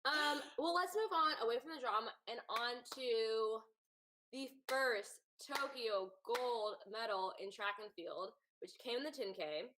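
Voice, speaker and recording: A woman's voice: on the high side, a little slow, background noise. Rambling conversational woman co-host. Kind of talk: casual chat.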